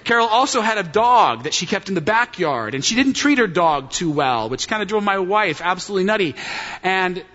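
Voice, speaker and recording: A middle-aged man preaching a sermon as pastor, telling a story with animated jokes. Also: high-pitched. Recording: dull sound in a hall with long reverb.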